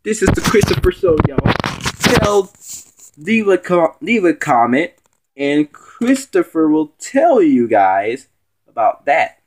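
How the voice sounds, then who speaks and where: Lively slow-talking young man ranting. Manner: rambling and teasing, with swooping pitch. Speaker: stand-in show host. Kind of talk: casual rambling vlog rant.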